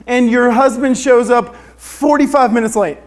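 A pastor with a very high-pitched voice preaches a sermon at an unhurried pace and a steady tone. He jokes with the congregation and asks them for a show of hands.

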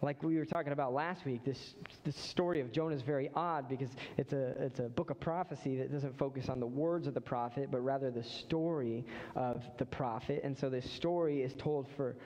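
A man preaching a sermon as pastor, animated storytelling that acts out the figures, in a church. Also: medium pitch, brisk, few pauses, long reverb tail. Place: church sanctuary.

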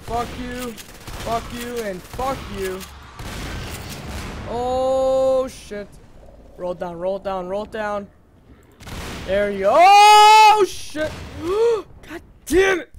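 A young man narrating his own game playthrough, his voice leaping up and down in pitch as he curses and yelps at every scare. He talks in an unhurried drawl between the bursts, into a home desk mic with a faint hiss behind him. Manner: excitable, swears constantly, yelps and gasps at scares. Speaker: gaming channel host. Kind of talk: live let's-play commentary. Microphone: home desk mic that glitches.

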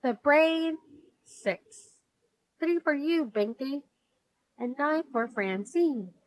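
A woman's voice: high voice, animated, very slow, dry recording, full character voice, rough recording. Woman doing a bossy girl game organizer. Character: bossy cheerful girl running the games.

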